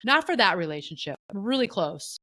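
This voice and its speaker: A middle-aged woman co-hosting a podcast, telling a personal story in a candid, animated way and acting out what others said. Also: mid-range voice, brisk, dry recording, rough recording. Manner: candid, animated, often voices the people she quotes. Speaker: podcast co-host.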